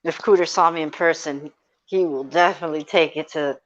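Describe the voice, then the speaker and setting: A woman's voice: deep voice, steady tone, fairly quick, highs cut off. A woman co-hosting a podcast in casual chat, teasing and swearing, laughing often. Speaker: podcast co-host.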